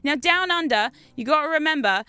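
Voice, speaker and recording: Bright, excitable Australian woman streamer. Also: high-pitched, fairly quick, no room sound. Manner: excitable, chatty, laughs often. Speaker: game streamer. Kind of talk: casual gameplay chat with viewers.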